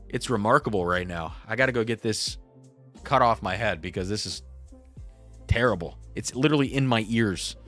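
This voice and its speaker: A man's voice: on the low side, a bit bright. A young man hosting a casual live stream, chatty and reading viewer comments aloud. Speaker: livestream host.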